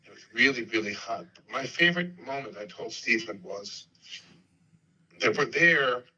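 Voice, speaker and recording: A man in his sixties hosting a podcast, telling animated anecdotes and slipping into put-on voices. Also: medium pitch, normal speed, lo-fi sound. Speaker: podcast host. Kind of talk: casual storytelling interview.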